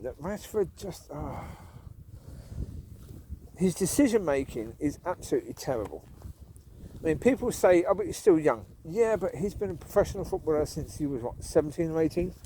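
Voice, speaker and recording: Strolling outdoors after dark, this UK man vlogs in a relaxed, opinionated way, going over the same points again and laughing a lot. His voice sits high and mellow, with a little hiss or hum in the recording.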